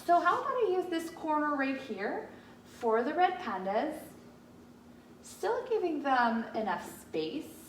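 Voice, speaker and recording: A woman teaching first grade explains a math lesson for young children with patience and many fillers, her voice high-pitched, very animated and unhurried. There's slight background noise, and the home room with its whiteboard gives the recorded lesson an echo.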